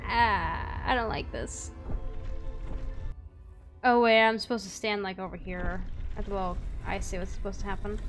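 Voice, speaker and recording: A woman streamer giving goofy, playful commentary while she plays a video game, often shouting spell names. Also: mid-range voice, fairly even intonation, normal speed, long pauses, faint music behind. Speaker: gaming streamer. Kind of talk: casual gameplay commentary.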